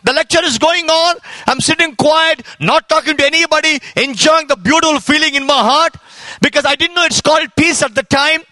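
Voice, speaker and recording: A man's voice: very high voice, a little fast, pushed and bright, no room sound. A man from India giving a fervent sermon testimony as an evangelist, telling his story with repetition and rising exclamations.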